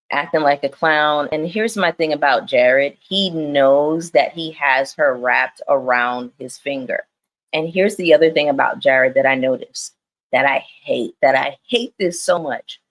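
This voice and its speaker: A young woman giving casual, animated livestream commentary on a reality show, laughing often. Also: deep voice. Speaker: reality TV recap streamer.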